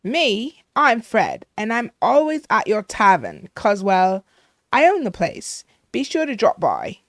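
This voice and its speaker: A boastful tavern keeper from a cozy farming game, loud and hearty with a rough put-on accent, voiced by a woman reading along. The voice bounces lively up and down, and the room is dry and close. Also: medium pitch, slow pace, no room sound, full character voice. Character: brash male tavern owner, boastful.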